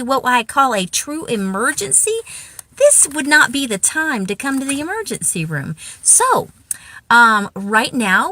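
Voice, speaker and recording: A woman's voice: a little high, sharp tone, no room sound. A tired woman emergency room nurse, giving blunt, exasperated advice in an after-work vlog. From Pensacola, Florida.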